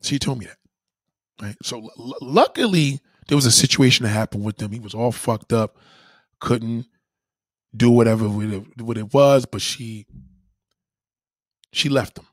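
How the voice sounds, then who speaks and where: Man, casual profane storytelling, raspy, dry close sound. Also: medium pitch, moderate pace, pauses often, dry recording. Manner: animated, slangy, swearing freely, repeating "you know what I mean". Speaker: storyteller addressing followers.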